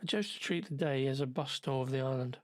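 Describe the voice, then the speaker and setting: A man's voice: medium pitch, fast talker, no echo. A man, ill with covid, narrating a travelogue in a dry, sardonic, wordy manner. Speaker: travel vlogger.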